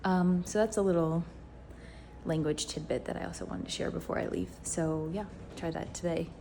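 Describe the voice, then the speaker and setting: A woman's voice: lowish voice, fairly even intonation, moderate pace, creaky, background noise. A young woman talking casually to her viewers at home in a rambling, upbeat vlog. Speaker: vlogger. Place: indoors at home.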